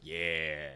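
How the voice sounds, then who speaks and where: A man plays a tabletop game in casual chat, tripping over his words as he hurries along. His voice is bright, and its pitch swings widely. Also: clean tone. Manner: animated, trips over words. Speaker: player.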